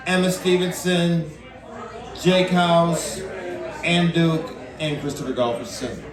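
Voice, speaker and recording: A man's voice: fairly high pitch, fairly even intonation, takes it slowly. A man co-hosting a casual podcast, laid-back and a little hesitant. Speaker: podcast co-host. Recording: echoey room, far from mic, crowd behind.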